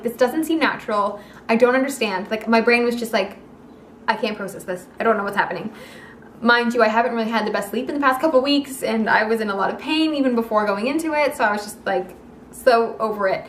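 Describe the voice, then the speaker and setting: A young woman telling a personal story in a casual vlog, animated and acting out the quoted lines of the people in it. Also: a little high, quick pace, slight background noise. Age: young adult. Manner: animated, acts out quoted dialogue. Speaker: vlogger. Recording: echoey room.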